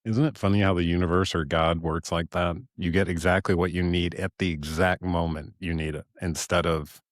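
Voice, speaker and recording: A man's voice: low-pitched, steady tone, normal speed, no room sound, studio quality. A man hosting a podcast, offering reflective remarks and affirming interjections in casual interview chat. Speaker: podcast host.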